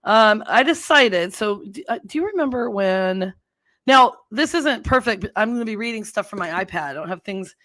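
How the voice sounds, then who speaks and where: A middle-aged woman chats casually on a livestream, rambling and laughing as she goes. Her voice sits at an ordinary pitch and sounds close and dry, with no room around it. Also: animated, normal speed, a bit bright, no room sound. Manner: chatty and rambling, laughs often, fumbles with settings. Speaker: livestream host.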